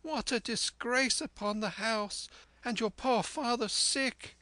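A man voicing a flustered woman innkeeper, a mother, in a shrill fretful tone. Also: takes it slowly, sharp tone, no room sound, exaggerated voice. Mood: distressed.

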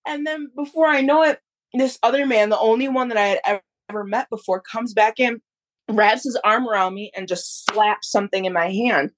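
A woman in her thirties, a podcast guest, telling a story in a casual, animated way. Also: a little high, normal speed. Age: 30s. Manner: animated, acts out others' voices in quotes.

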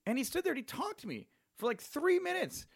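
A man hosting a podcast, telling a story in a casual, excitable way and laughing often. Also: very high-pitched, a little fast, no room sound, studio quality. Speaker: podcast host.

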